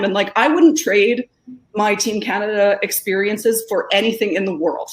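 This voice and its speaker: A woman's voice: medium pitch, moderate pace. A woman, a former national-team curler, telling a candid personal story in an earnest, emphatic way. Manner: earnest, emphatic, repeats herself.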